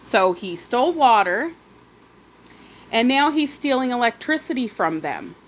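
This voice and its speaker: Slow-talking woman vlogger, eating and ranting. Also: on the high side, slight background noise. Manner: animated, indignant storytelling with swearing; pauses to eat, chewing between phrases. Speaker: mukbang vlogger. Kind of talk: casual storytime while eating.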